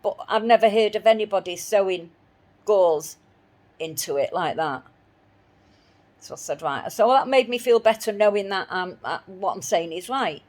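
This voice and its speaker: A woman's voice: medium pitch, animated, normal speed, darkish tone. Indignant woman telling a story. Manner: indignant, retells arguments with repeated phrases. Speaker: dog owner telling her story. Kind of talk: spoken personal account.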